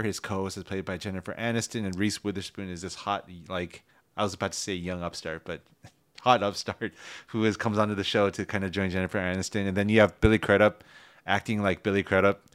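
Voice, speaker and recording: A man co-hosting a casual film review podcast, chatty and animated, often repeating words as he talks. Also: low voice, fairly quick, clean tone. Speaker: podcast co-host.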